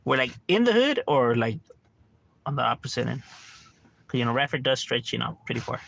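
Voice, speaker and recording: A man's voice: mid-range voice, sing-song, fairly quick, vocal fry, a bit bright. A middle-aged man streaming a game from home, ranting casually with lots of profanity and constant "bro.". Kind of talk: casual livestream rant.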